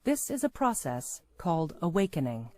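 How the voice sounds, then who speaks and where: A woman's voice: deep voice, very animated, moderate pace, mellow. A woman giving scripted documentary narration.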